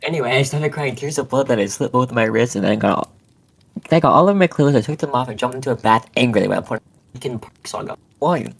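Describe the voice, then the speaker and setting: A man's voice: mid-range voice, expressive, quick pace, creaky, husky. A man casually reading a story aloud to a friend on a voice call, stumbling over words and breaking into laughs. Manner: giggly, reads with frequent laughing breaks and stumbles. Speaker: co-host reading a fanfic aloud.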